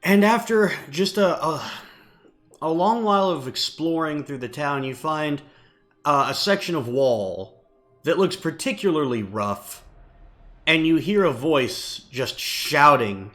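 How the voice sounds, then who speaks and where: A man's voice: fairly high pitch, animated, a little slow, fairly bright tone. A man narrating a tabletop game as game master in an easygoing, hesitant way.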